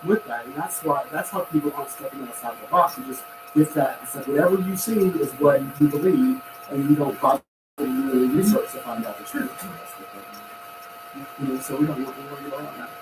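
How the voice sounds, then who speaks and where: A man hosting a casual podcast chat, rambling and complaining with animated energy. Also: on the high side, a little fast. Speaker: podcast host. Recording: echoey room, far from mic, noisy.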